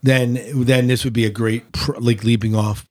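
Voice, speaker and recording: With mid-range pitch and loose, rambling phrasing, this man hosts a relaxed book-club podcast. He teases his co-hosts as he talks. His sentences wander and restart. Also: normal speed. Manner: rambling, teasing. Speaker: podcast host. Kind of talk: casual book discussion.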